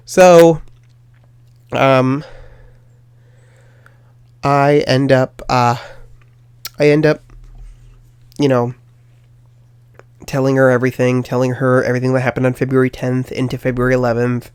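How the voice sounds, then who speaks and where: Speaking in a flat, somewhat slow way with frequent pauses, a young man on his own podcast recounts a personal story, rambling and poking fun at himself with many fillers. His mid-range voice is smooth and darkish, with no room sound.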